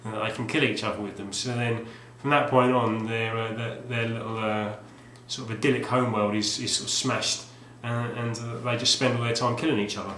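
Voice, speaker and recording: A man chats casually on video, trailing off and restarting his sentences as he goes. His voice sits at a middling pitch. A roomy echo surrounds him, with a faint hum behind. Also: steady tone, fairly quick, hardly any pauses, fairly bright tone. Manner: rambling, with many fillers and restarts. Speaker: retro game collector vlogger.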